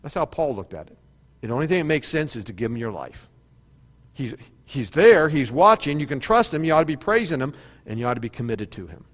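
A man's voice: mid-range voice, big pitch swings, brisk, big-room sound. A man preaching a sermon, building to fervent peaks and then easing into storytelling. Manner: preaching with rising fervor and repetition. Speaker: pastor.

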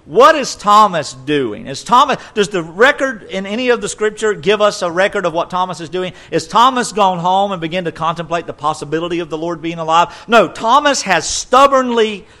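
A man's voice: high voice, expressive, fairly quick, hardly any pauses, sharp tone. A male pastor preaching a sermon emphatically, repeating phrases and stopping to correct his own words. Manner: emphatic, repetitive, self-correcting.

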